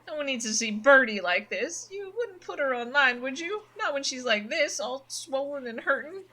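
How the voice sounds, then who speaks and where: Woman voicing a gruff loud angry guy w a gun, blustering. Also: very high-pitched, animated, moderate pace, voice pushed up, full character voice. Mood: pleading. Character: gruff protective older man with a gun.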